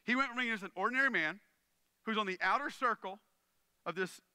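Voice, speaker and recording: A man's voice: high-pitched, a little fast, sharp tone, clean tone, no room sound. A male pastor preaching a sermon in an earnest, conversational way, often checking in with his listeners.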